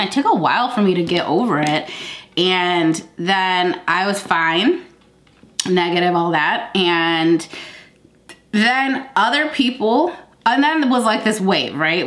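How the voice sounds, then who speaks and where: A woman's voice: lowish voice, fairly bright tone, roomy sound. A woman in her thirties with a cold and a stuffy nose, chatting casually to her viewers in a rambling way and laughing often. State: congested from a cold. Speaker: vlogger. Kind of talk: casual sit-down chat.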